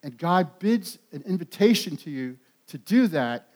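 A man with a high voice preaches to his congregation. His delivery is animated and emphatic, swelling to loud peaks with repeated words and quick restarts. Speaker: pastor. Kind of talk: sermon.

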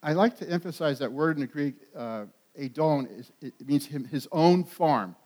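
A high-voiced pastor delivers a sermon to his congregation. He's animated and emphatic, building to loud peaks, repeating words and restarting quickly.

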